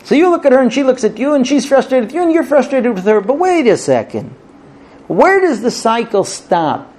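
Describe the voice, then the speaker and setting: A man gives a spoken lesson as a rabbi, slipping into little acted-out arguments between husband and wife. His voice sits high and swings widely in pitch. He drops in Hebrew phrases and then explains them. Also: normal speed. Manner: animated, acts out squabbling spouses in quoted dialogue. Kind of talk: spoken lecture.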